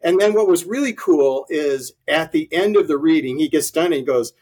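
Man, interview guest, earnest storyteller, lots of um and uh, slightly high voice. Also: animated, normal speed, a little mellow, slightly rough. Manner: earnest storytelling with many fillers. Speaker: ministry leader guest. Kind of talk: conversational interview.

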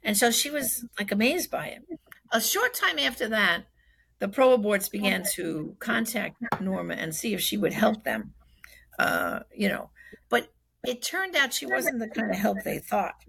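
Woman storyteller with a heavily gravelly, husky voice; chatty and animated, acting out the quotes. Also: mid-range voice, a little slow. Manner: animated, acts out quoted speech, frequent fillers. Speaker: speaker recounting a personal acquaintance's story. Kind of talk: conversational storytelling.

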